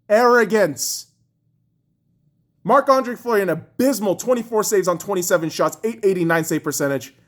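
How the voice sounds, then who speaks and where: A young man vents on his podcast, cursing and mocking his own team. His voice swings wildly, jumping to shouts and then dropping to bitter grumbles. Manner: profane, furious, mocking; lively pitch swinging from shouts to low mutters. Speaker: podcast host. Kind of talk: angry sports rant.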